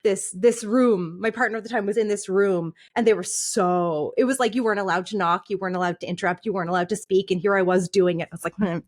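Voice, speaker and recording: A woman's voice: mid-range voice, steady tone, quick pace, few pauses. A woman in her thirties, a podcast guest, candidly recounting a painful personal experience, often laughing through it and restarting her sentences.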